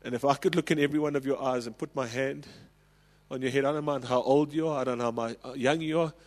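A South African man in his forties preaching a sermon, telling a personal story with passion and rising to loud calls. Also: mid-range voice, steady tone, quick pace, in a large hall. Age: 40s. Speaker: pastor.

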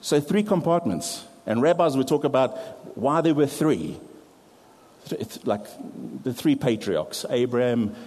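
A man's voice: medium pitch, animated, a little slow, a little mellow, long reverb tail. A man preaching a sermon, explaining step by step with props and light self-deprecating asides. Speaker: pastor.

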